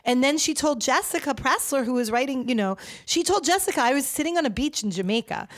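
A woman hosting a podcast, telling stories in a chatty, animated way. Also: sits high, quick pace. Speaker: podcast host. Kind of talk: casual chat.

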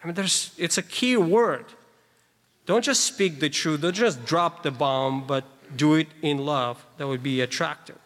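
Man, sermon, fairly high voice, emphatic scripture preaching, long hall reverb. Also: measured pace, a bit bright. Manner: emphatic, reads and explains scripture verses; conversational asides to the congregation.

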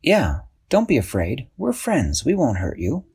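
A man doing Astro, a calm, husky young adventurer. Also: medium pitch, measured pace, pitched above the performer's own voice, full character voice. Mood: gentle.

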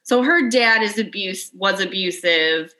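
Woman in her 30s, podcast cohost, slow easy delivery, bright sharp tone, swears a lot. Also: mid-range voice, rough recording. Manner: blunt, swears freely, chatty. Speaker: podcast co-host. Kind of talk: casual chat.

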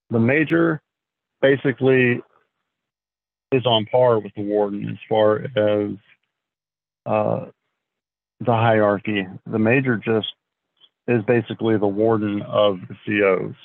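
Slow gravelly man, phone-thin sound. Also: fairly low pitch, steady tone, narrow, tinny audio. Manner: slow, halting, frequent throat clearing and fillers. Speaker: podcast guest. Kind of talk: casual storytelling.

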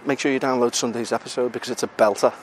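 A man's voice: medium pitch, steady tone, rapid-fire, slight background noise. Breathless British man rambling outdoors. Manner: chatty, self-mocking, swears casually. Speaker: podcast host. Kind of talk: casual rambling chat while walking. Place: outdoors on a city street.

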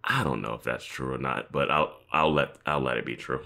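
Man, podcast co-host, extremely deep voice, wry analytical chat, chuckles. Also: a little fast, vocal fry, pushed and bright. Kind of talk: casual chat recapping a TV episode.

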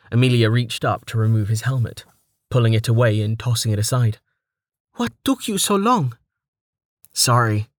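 A man narrating a fantasy web novel as an audiobook in a steady storytelling manner. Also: fairly low pitch, no room sound, studio quality. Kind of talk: scripted narration.

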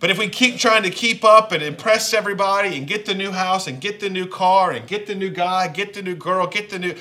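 A man's voice: high voice, fairly quick, pushed and bright. A man with a Southern accent, preaching a sermon in a conversational, joking way with playful asides. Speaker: pastor.

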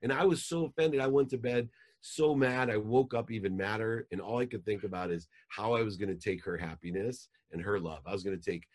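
A man telling an emotional personal story as a podcast guest, growing animated as he relives it. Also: lowish voice, a little fast.

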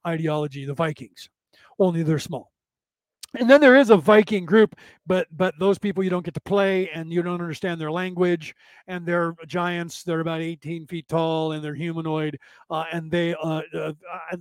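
A man's voice: on the high side, no room sound. A man hosting a casual spiritual talk, rambling and repeating himself in a preachy way. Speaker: podcast host.

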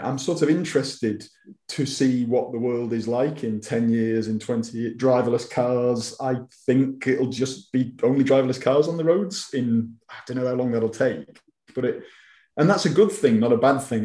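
Wigan bloke rambling about his books, warm mellow voice, echoey room, trips over his words. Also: medium pitch, normal speed. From Wigan, England. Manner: chatty, self-deprecating, frequent stammered restarts. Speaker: author guest. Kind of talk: casual interview chat.

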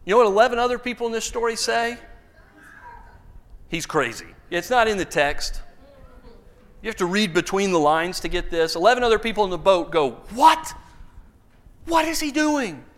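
A pastor with a notably high voice delivers a sermon. He tells the story with animation and humor, slipping into playful voices for the people in it. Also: fast.

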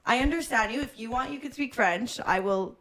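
A woman hosting a casual interview podcast, who laughs often and reacts quickly. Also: fairly high pitch, fairly bright tone. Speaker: podcast host.

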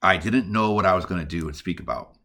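A man's voice: deep voice, fast, bright, forceful tone. A man hosting a podcast, teaching casually and earnestly on prayer and reading scripture in a conversational way. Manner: earnest, conversational, with many "like" and "all right" fillers.

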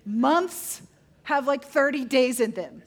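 A middle-aged woman pastor preaches with a slightly higher voice. She tells stories about her own life candidly and pokes fun at herself with playful asides. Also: animated, takes it slowly. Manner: candid, self-deprecating storytelling with playful asides. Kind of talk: sermon.

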